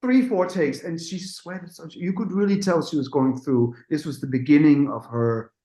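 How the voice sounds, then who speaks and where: A man, a music producer, telling an animated anecdote in an interview and acting out the dialogue with quick asides. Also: a little high, reverberant, rough recording.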